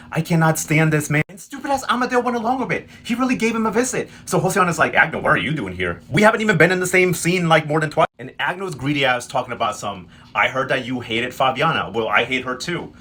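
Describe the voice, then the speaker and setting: Guy doing a sassy slangy recap, fast and a bit high, faint hiss behind. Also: sing-song, sharp tone. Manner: sassy, slangy, quotes characters in quick put-on lines. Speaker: recap host. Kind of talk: casual comedic recap narration.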